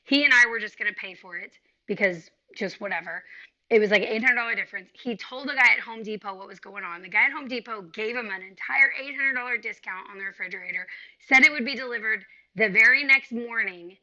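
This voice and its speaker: A woman podcast co-host and real estate agent telling an animated, profane story over a video call and acting out the quotes. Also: fairly high pitch, fast, dull audio. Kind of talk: casual storytelling chat. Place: home, remote video call.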